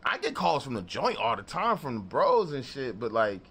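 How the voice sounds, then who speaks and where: This studio vlogger and beatmaker has a mid-range, slightly breathy voice and speaks at a moderate pace. Telling a story for his casual vlog, he's animated and profane, laughing often and performing the quotes of the people involved.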